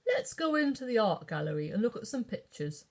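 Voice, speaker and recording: A woman's voice: on the high side, sing-song, fairly quick, creaky, slightly rough, heavily acted. Woman doing a flustered old grandma. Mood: fussy. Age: older.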